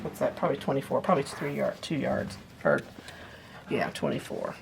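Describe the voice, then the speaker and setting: A woman's voice: rumbling low, big pitch swings, a little fast, vocal fry, a little hiss or hum. A woman giving a casual sewing demonstration, chatting as she explains each step while she handles the materials. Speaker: sewing instructor.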